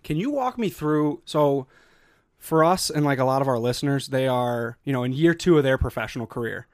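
A man's voice: medium pitch, lively intonation, a little fast, dry recording, studio quality. A young man hosting a podcast, asking long, winding questions with fillers. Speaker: podcast host. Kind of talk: interview questions.

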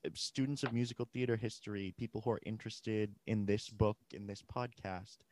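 Low-voiced male podcast host, dry sound. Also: steady tone, darkish tone, no room sound. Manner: measured, long framed questions. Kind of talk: interviewing.

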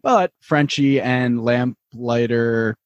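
A man's voice: mid-range voice, slow, no room sound, muffled recording. A man co-hosting a podcast who retells a TV episode's plot step by step in earnest casual chat. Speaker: podcast co-host.

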